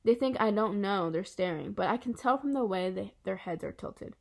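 A woman reading a first-person children's novel aloud in an earnest, soft storytelling manner. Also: medium pitch, lively intonation, moderate pace, vocal fry. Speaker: audiobook reader.

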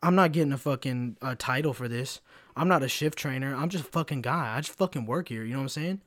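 A man's voice: mid-range voice, fast talker, fairly bright tone, no echo. A young man hosting a podcast, telling a story from work in a casual, exasperated and profane way, full of "bro" and "like". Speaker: podcast host. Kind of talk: casual venting monologue.

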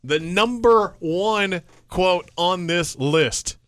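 A man's voice: high voice, drawn-out words, fairly bright tone, no room sound. A man hosting a morning radio show in a studio, leading an upbeat segment. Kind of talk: radio host banter.

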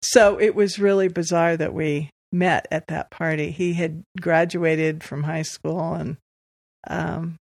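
A woman's voice: sits low, slow, gravelly, dry recording, studio quality. A woman from Southern California, a podcast guest, telling personal stories with frequent laughter. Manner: lively, laughs often while telling stories. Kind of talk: storytelling in conversation.

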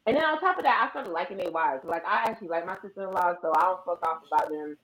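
A woman co-hosting a casual chat, telling animated stories and acting out both sides of phone calls. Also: fairly low pitch, fast, reverberant, low-quality recording. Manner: animated storyteller, acts out phone calls in other voices. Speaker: podcast co-host.

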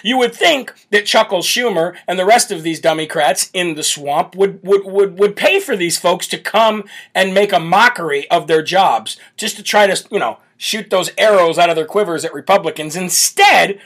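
Brash male political host, high voice, mocking rants from a home setup. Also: normal speed, few pauses, a bit bright. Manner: brash, mocking, laughs often. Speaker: political talk show host.

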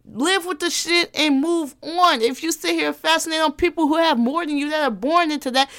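A young woman hosts her own podcast alone, with a fairly high voice. She speaks bluntly and emphatically, swearing freely. She tells her stories with animated energy. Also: moderate pace. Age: young adult. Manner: animated storytelling. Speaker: podcast host. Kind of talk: casual solo podcast monologue.

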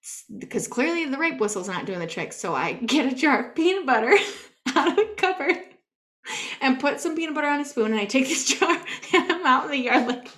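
A woman co-hosting a podcast, telling a story in a casual, animated way, full of "like" and acting out what she said. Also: high-pitched, a little fast. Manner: animated, peppered with "like", acts out her own quotes. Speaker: podcast co-host.

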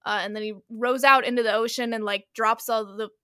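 A woman co-hosting a podcast in casual chat, retelling a story animatedly with lots of "like" and quick asides. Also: fairly high pitch, little pitch movement, bright, forceful tone, smooth, no echo, studio quality. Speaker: podcast co-host.

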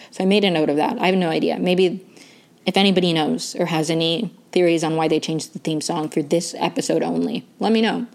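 A young woman in a casual, chatty recap of a TV season, full of "like" and "um" and quick restarts. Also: fairly low pitch. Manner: chatty, lots of "like" and "um", self-correcting. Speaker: recap host.

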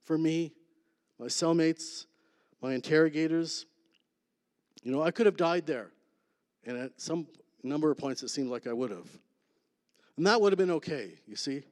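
A man giving a sermon testimony, emphatic, then dropping to a hush on key lines. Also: on the high side, normal speed, long pauses. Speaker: preacher sharing testimony. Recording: long hall reverb.

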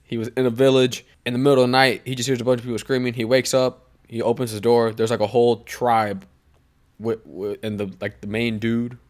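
A man's voice: medium pitch, little pitch movement, a little fast, a little mellow. A young man on a podcast, chatting casually, wandering through a swearing-laced story full of tangents. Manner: rambling storyteller, swears often, trails off on tangents. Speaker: podcast co-host. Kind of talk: casual chat.

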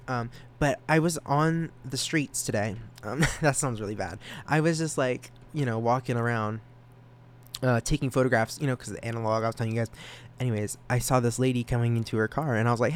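A young man hosting a solo podcast, talking casually, excited and self-conscious, stammering through restarts and rambling. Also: mid-range voice, brisk. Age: young adult. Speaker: podcast host.

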